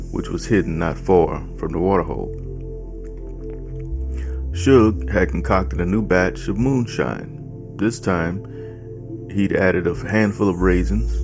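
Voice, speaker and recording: Deep-voiced laid-back man over music. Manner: laid-back, chatty, folksy. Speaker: author and vlogger reading his novel. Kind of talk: casual vlog chat and reading aloud. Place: home office.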